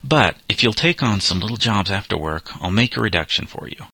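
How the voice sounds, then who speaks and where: A man narrating a children's novel aloud in a steady storytelling manner, giving the boys light character voices. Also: sits low, a little fast, few pauses, no echo. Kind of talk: audiobook reading of a children's novel.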